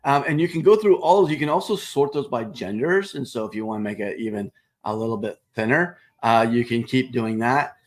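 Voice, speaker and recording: This man talks fairly quickly in a mid-range voice while sharing his screen live. He casually explains a software product one step at a time, speaking right to the people watching.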